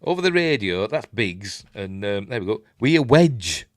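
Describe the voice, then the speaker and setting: A man's voice: fairly low pitch, very animated, normal speed, dry recording, studio quality. An older man with a Yorkshire accent giving a rambling, chatty film commentary while watching along. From Yorkshire, England. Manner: rambling, chatty, hums the score. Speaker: film reviewer. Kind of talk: casual commentary over a film.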